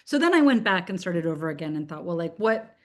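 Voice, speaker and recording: Woman author, 40s, guest on a video-call interview; lively, rambling, full of fillers. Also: on the low side, fast. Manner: animated, chatty, many fillers and restarts. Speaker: children's book author, guest.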